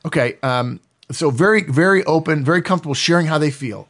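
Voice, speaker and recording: A middle-aged man hosting a podcast, explaining in a casual, animated way and acting out quoted voices. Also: medium pitch, fast. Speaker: podcast host.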